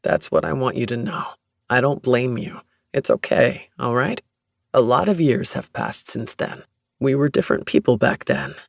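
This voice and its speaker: A narrator voicing a gentle young man who brews beer, speaking in a smooth, deep voice with a considerate manner and a gravelly, lively delivery. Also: moderate pace, no room sound, studio quality. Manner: warm, considerate, reassuring. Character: gentle young man, proud home brewer. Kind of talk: audiobook narration.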